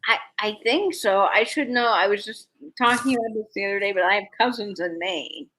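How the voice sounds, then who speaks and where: A woman's voice: medium pitch, brisk, pushed and bright, slight background noise, poor audio. A woman co-hosting a casual live chat, chatty and self-deprecating, often laughing at herself. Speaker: co-host.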